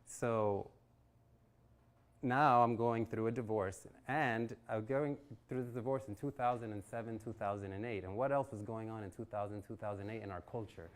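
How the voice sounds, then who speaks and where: Low-ish guy in his 40s telling a life story to a crowd, does the voices of his buddies, laughs a lot. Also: normal speed. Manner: animated storyteller acting out friends' quotes, laughing often. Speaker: guest speaker. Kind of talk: storytelling talk at a networking event. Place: event venue.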